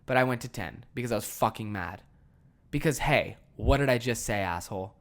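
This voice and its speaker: A man's voice: mid-range voice, brisk. Profane, heated man ranting on a podcast. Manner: profane, heated storytelling with big swings in loudness; self-deprecating, laughs at himself. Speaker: podcast host. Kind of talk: casual ranting monologue.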